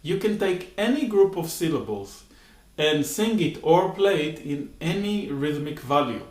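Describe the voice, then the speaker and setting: A man's voice: fairly high pitch, expressive, measured pace, reverberant. A man teaching rhythm syllables patiently, explaining step by step and often checking in with "okay?". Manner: frequent "uh" and "okay?" check-ins. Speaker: music teacher. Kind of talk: spoken rhythm lesson with sung syllable demonstrations.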